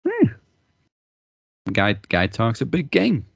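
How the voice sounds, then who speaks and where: A man's voice: medium pitch, wildly swooping pitch, slow pace, creaky, no echo, dull audio. A man hosting a podcast casually, laid-back and hesitant. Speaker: podcast host. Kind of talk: casual chat.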